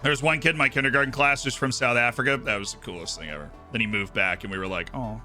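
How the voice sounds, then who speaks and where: A man's voice: mid-range voice, very fast, sharp tone, soft background music. An American man from Florida, a streamer rambling in casual chat while playing a football management game, full of asides and "right?" tags. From Tampa, Florida.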